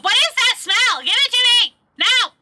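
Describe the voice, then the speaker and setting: A woman's voice: sits high, animated, fairly quick, sharp tone, exaggerated voice. A woman voicing a snobby, sinister young woman from a game, reading her lines in a put-on posh accent with eager, sweetly menacing delivery. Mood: greedy demanding. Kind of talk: dramatic reading of game dialogue.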